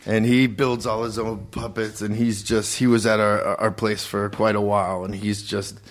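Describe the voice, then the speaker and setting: A man who grew up in Los Angeles, chatting casually as a podcast guest in a relaxed way. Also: on the low side, normal speed. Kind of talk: casual chat.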